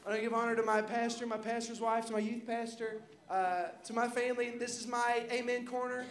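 Fervent high-voiced man preaching in church. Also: little pitch movement, brisk. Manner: fervent, shouting praise. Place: church sanctuary. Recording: roomy church with crowd. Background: congregation.

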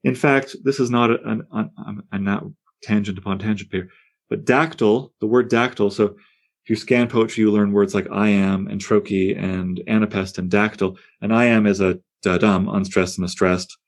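A man with a fairly low voice leads a poetry class. He talks in a lively, digressive way and often stops himself mid-thought to add an aside. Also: normal speed. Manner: animated, digressive, self-interrupting. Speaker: poetry teacher. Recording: on air class broadcast.

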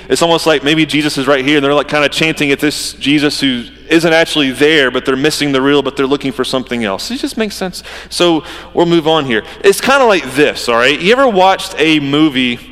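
Male pastor in his thirties, slightly higher-pitched voice, casual storytelling delivery with acted-out lines, long reverb of a church hall. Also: a bit bright. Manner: conversational, acts out imagined dialogue. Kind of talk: sermon.

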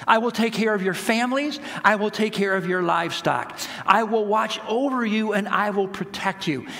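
A preacher acting out a fervent, forgiving ancient ruler. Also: male voice, high voice, moderate pace, vocal fry, fairly bright tone, big-room sound, pitched above the performer's own voice. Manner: fervent, declaiming. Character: forgiving biblical man, powerful ruler, emotional.

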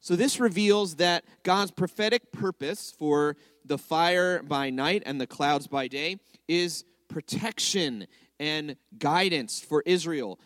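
A man's voice: on the high side, lively intonation, slow, a bit bright, no room sound, clean studio sound. A man giving an interactive sermon to a congregation, conversational and often checking in with his listeners. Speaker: congregational teacher.

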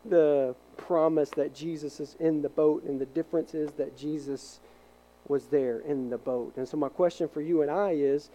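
A man preaching from the pulpit with a warm, mellow tone. His delivery is animated; he acts out voices in his stories and sometimes drops to a soft hush to stress a point. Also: a little high, moderate pace, rough recording. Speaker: pastor. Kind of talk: sermon.

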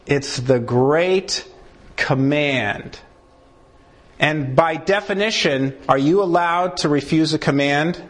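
A man teaching the Bible sermon-style to a room of people, animated, putting on the voices of doubters and asking the room questions. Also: high voice. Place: room with a gathered audience.

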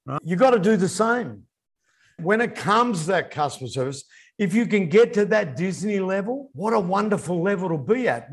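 A man's voice: high voice, breathy edge. A man co-hosting a casual business chat, telling stories with animation. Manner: animated storyteller. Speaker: podcast co-host.

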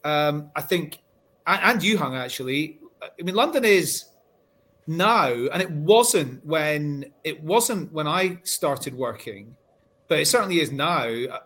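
Animated Scottish-born man on a panel. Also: a little high. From Scotland. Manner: chatty, animated storytelling with restarts. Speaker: panel guest. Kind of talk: casual panel discussion.

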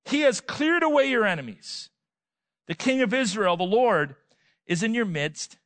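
High-voiced man preaching slowly. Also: big pitch swings, no room sound. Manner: emphatic preaching, rising and falling loudness, rhetorical questions. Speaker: pastor. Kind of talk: sermon.

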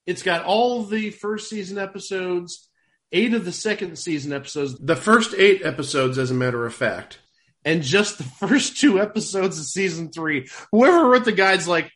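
A man's voice: high-pitched, lively intonation, normal speed, fairly bright tone. A man co-hosting a podcast, chatting casually in a wry, amused way. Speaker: podcast co-host. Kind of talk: casual chat.

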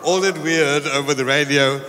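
A man telling a lively, laughter-filled story at a church service. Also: a little high, moderate pace. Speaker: church member reporting on a mission trip. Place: church hall. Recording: reverberant hall.

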